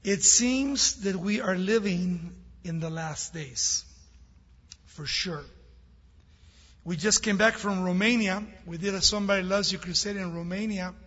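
A man's voice: high-pitched, measured pace. A man guest preaching a sermon with a storyteller's manner, heard from a large church hall. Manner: warm storytelling, laughs with audience. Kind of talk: sermon with jokes. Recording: dull reverberant church hall recording.

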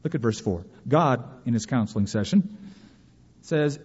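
A man preaching a sermon as pastor, animated, with quick mock quotes of others. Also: mid-range voice, slightly rough, in a large hall, lo-fi sound.

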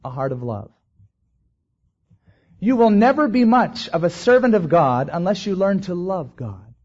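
A man with a husky, slightly raised voice delivers a sermon from the pulpit. He swells to emphatic peaks and then drags out key words slowly. The recording is dull and lo-fi. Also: high-pitched, a little mellow. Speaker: pastor.

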